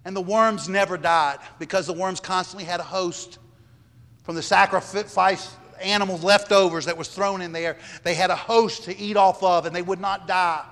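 A man's voice: high voice, steady tone, moderate pace, a bit bright, big-room sound. A man preaching a sermon, emphatic and repeating his phrases for weight.

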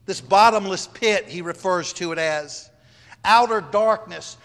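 High-voiced emphatic preacher. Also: male voice, sharp tone, long reverb tail. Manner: emphatic, repeats phrases. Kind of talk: sermon.

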